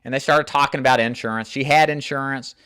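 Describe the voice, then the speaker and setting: A man's voice: mid-range voice, fairly even intonation, fast talker, bright, forceful tone, clean tone, no echo, clean studio sound. A man coaching insurance agents in a casual, earnest talk to camera, with plenty of fillers. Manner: earnest, plain-spoken, many fillers.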